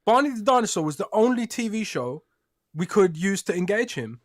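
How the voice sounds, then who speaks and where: A man's voice: high voice, big pitch swings, brisk, dry recording, clean studio sound. A British man co-hosting a casual gaming podcast, laid-back and teasing, laughing often. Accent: British English. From Britain. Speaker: podcast co-host.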